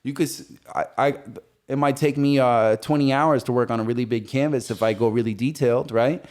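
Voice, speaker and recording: A man's voice: medium pitch, fairly even intonation, brisk, a little mellow. A man being interviewed on a casual podcast as a visual artist, talking loosely and rambling through his thoughts. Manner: rambling, loose, with frequent fillers and restarts.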